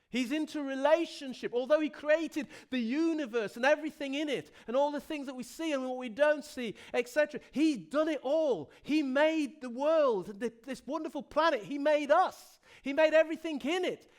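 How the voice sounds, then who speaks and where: A man, the pastor of a church, preaching a sermon with passion, moving from loud emphasis to soft pleading and often repeating himself. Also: very high-pitched. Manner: repeats words and restarts phrases.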